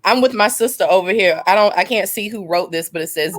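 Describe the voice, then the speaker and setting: A woman who works as a high school counselor speaks on a panel with a bright, forward voice. She is sassy and emphatic, and the sound is dry. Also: fairly quick, few pauses, dry recording. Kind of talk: candid panel discussion.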